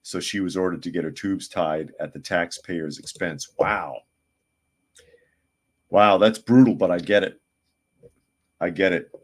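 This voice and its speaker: A man with a very low voice hosts a live podcast. He reads viewers' comments and answers them bluntly, with a sarcastic edge and a plain-spoken, opinionated delivery. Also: steady tone, normal speed, husky. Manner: blunt, sarcastic, mocks others in put-on voices. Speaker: podcast host reading chat comments.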